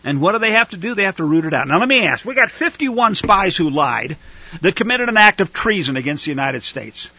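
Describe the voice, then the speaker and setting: Fiery high-voiced male preacher. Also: very animated, fairly quick, no echo, lo-fi sound. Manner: fiery, rising to shouts. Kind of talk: sermon.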